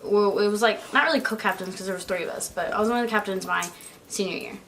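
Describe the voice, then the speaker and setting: A woman's voice: mid-range voice, fast talker, a bit bright, a little hiss or hum. A young woman vlogging in a casual, chatty way, giggling often and filling her talk with "like" and "um". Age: young adult. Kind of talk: casual chat.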